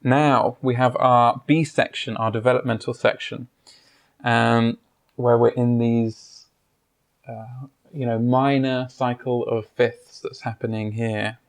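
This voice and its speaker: Measured male piano teacher. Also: mid-range voice, little pitch movement. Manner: measured, explanatory, with frequent pauses and fillers. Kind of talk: instructional explanation at the piano. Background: piano playing.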